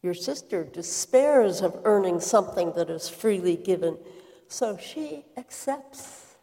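Brief: a woman as Martha, a harried, indignant hostess, slow and measured, slightly high voice, echoing hall. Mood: reflective. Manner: earnest, expressive storytelling with quoted outbursts. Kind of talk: dramatic first-person monologue. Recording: reverberant hall.

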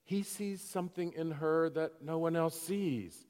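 A man's voice: fairly high pitch, unhurried, darkish tone. A male preacher retelling a scripture story dramatically, then reflecting on it in a sermon. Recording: long hall reverb.

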